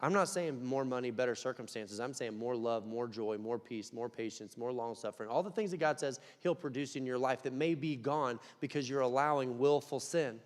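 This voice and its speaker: A young man preaching a conversational sermon, dropping to quiet asides and rising to loud, emphatic peaks. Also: medium pitch, a little fast, few pauses. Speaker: pastor. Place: church hall. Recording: long hall reverb.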